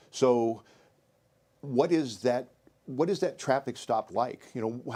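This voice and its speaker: A man's voice: fairly low pitch, warm tone. A middle-aged man, a sheriff candidate, answering a debate question earnestly, repeating words and listing points. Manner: earnest, repetitive, lists points.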